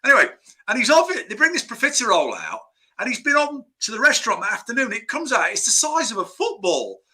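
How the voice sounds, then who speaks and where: Bright-voiced man telling rambling anecdotes. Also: very high-pitched, huge pitch swings, fast talker, slightly rough. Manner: rambling anecdotal storyteller with restarts. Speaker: screenwriter guest. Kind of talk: casual interview chat.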